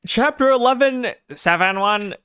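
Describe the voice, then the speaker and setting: A man co-hosting a podcast, joking crudely and then slowing down to lay out schedule details. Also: very high-pitched, smooth, no echo. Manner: lively, crude joking, slows to explain schedules. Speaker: podcast co-host. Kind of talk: casual chat.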